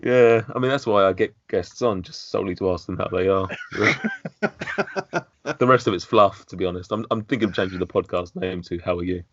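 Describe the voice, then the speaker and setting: A man's voice: low voice, lively intonation, normal speed, a bit bright, a little hiss or hum. A British man hosting a podcast in casual, jokey banter, often repeating his words. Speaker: podcast host. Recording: dull dry lo-fi audio.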